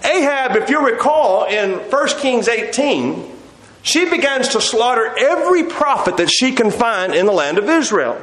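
Man, preacher, sermon, animated storytelling, high voice, roomy echo. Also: a little slow. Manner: animated storytelling, acts out the quotes, chuckles. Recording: echoey room.

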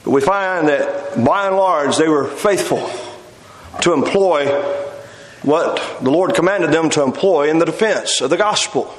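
Speaking at a measured pace in a voice on the high side, a man gives a sermon in a church sanctuary. His delivery is folksy and anecdotal, with hesitant fillers and dry humor, and the hall's long reverb makes it echoey.

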